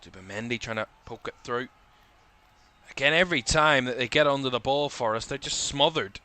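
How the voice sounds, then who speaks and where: A man's voice: mid-range voice, brisk, pushed and bright, smooth. A man giving live football commentary for a watchalong stream, calling player names in short bursts and lifting his voice as attacks build, a little tired. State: tired, yawning.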